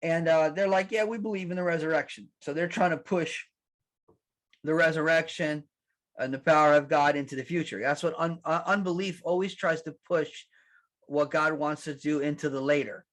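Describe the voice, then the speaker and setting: A man preaching a sermon as pastor, conversational and animated, acting out quotes and restarting his sentences. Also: a little high, normal speed. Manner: animated, acts out quotes, laughs at his own lines.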